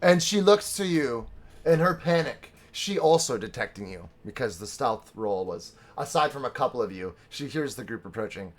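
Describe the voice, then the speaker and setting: A man's voice: mid-range voice, animated, moderate pace. A young man running a live-streamed tabletop game as dungeon master, mixing casual banter with dramatic narration. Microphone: streaming microphone.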